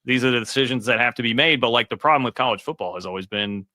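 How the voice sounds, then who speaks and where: A man's voice: medium pitch, fast, no room sound. A man hosting a sports podcast, chatting casually about college football with lots of fillers. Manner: relaxed, conversational, many fillers. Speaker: podcast host.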